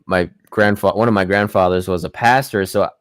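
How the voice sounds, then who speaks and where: A man's voice: low-pitched, steady tone, a little fast, smooth, no echo, clean studio sound. A man hosting a casual interview, speaking hesitantly and searching for words. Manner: hesitant, many fillers and restarts. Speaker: podcast host.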